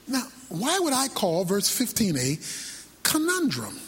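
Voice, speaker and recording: High-pitched, animated male preacher. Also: a little slow, slightly rough, long reverb tail. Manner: whooping, shouts and sings lines. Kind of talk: sermon.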